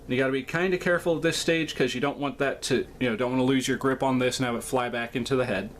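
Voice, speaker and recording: A man hosting a hands-on repair tutorial, explaining each step in a relaxed, folksy way. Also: medium pitch, fast, a little hiss or hum. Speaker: toy repair host and ventriloquist.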